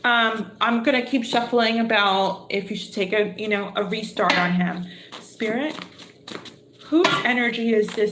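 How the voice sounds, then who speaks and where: A woman's voice: fairly high pitch, unhurried, echoey room, noisy background. A woman giving a live tarot reading, chatty and exclamatory, thinking aloud as she draws cards. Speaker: tarot reader.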